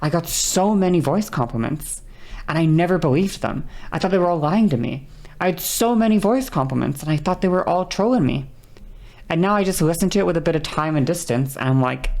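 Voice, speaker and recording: A woman's voice: sits low, lively intonation, brisk, a little mellow. A woman streamer chatting casually and rambling, laughing often and correcting herself mid-sentence. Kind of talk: casual livestream chat.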